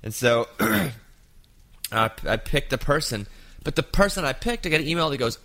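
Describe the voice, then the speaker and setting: A man in his fifties hosting a casual chat, telling an anecdote with lively jumps into quoted voices. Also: mid-range voice, normal speed. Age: 50s.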